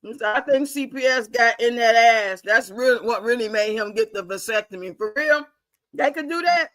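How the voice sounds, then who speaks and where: A chatty woman hosting a livestream, blunt and full of profanity as she answers viewer comments. Her voice is bright and forceful. The sound is close and dry, with no room around it. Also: a little high, normal speed, no room sound. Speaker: livestream host.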